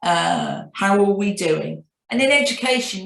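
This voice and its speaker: A middle-aged woman with a Northern English accent recalls her career in a reflective, storytelling way, often restarting her sentences. Her voice sits at a moderate pitch, and the room around her is noticeably echoey. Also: lively intonation, a little slow, creaky. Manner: reflective, anecdotal, frequent restarts. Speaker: CEO guest. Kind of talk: business interview.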